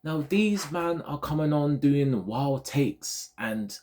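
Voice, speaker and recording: A man's voice: fairly high pitch, slow pace. A man from Ghana, a football vlogger, ranting casually about online fans in a digressive, repetitive way. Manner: animated, digressive, repeats himself.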